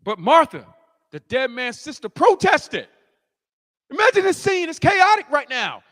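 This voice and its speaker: A pastor with a very high-pitched voice preaches a sermon a little slowly, telling the story with animation, acting out the scene, and building to shouts. The recording has a long reverb tail.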